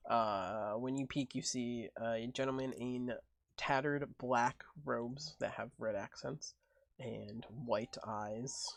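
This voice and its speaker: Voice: medium pitch, steady tone, slow pace, vocal fry, a little hiss or hum. A game master narrating a tabletop game, describing scenes in long, rambling runs full of fillers.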